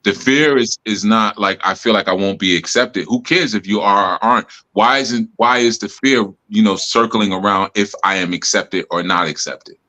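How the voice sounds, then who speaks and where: A man with a deep bass voice, teaching in a relaxed, reflective way with many "you know" asides, on a live stream. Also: moderate pace, hardly any pauses. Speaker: spiritual teacher and host. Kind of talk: casual teaching talk. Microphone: live stream mic.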